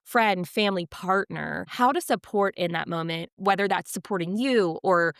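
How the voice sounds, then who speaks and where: A woman's voice: lowish voice, moderate pace, smooth, dry recording, clean studio sound. A young woman hosting a casual podcast, earnest and emotional in her speech and blunt with her words. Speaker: podcast host.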